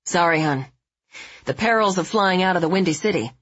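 A woman's voice: on the low side, expressive, fairly quick, slightly rough, no room sound, dull audio. Woman doing a joking husband voice. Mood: wry joking. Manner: joking tough-guy banter. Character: easygoing husband on a delayed flight, man.

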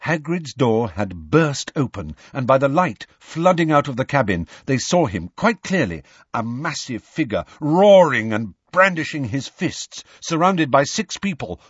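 A man narrating an audiobook in an expressive storytelling manner. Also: mid-range voice, slightly rough, dry recording, lo-fi sound. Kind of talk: scripted narration.

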